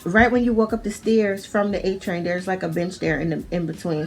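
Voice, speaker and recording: A woman's voice: on the low side, steady tone, a little fast, hardly any pauses. A young woman with a New York accent telling a personal story at home in a casual storytime vlog, chatty and profane, full of "like" and restarts. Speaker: vlogger. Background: faint music.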